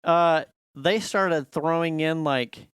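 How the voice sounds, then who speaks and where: A man co-hosting a podcast in casual chat, animated, swearing often and laughing a lot. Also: on the high side, slow, smooth, no room sound, studio quality. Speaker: podcast co-host.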